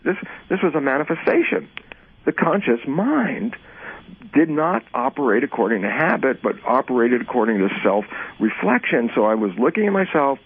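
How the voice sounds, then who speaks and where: A man being interviewed, explaining casually and acting out both sides of imagined conversations in an animated way. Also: mid-range voice, normal speed, breathy edge. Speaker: interview guest. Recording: narrow phone-like sound.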